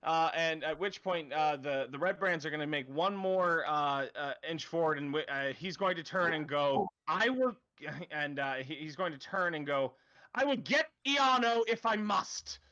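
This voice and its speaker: Man, dungeon master, halting narration, lots of fillers, slightly high voice. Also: a bit bright, lo-fi sound. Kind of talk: narrating a tabletop game.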